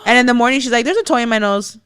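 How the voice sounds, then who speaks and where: A young woman co-hosting a podcast, telling a story in a casual, animated way, full of "like" and quoted voices. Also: fairly high pitch, rapid-fire, clear, resonant tone, no echo, studio quality. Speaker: podcast co-host. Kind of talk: casual chat.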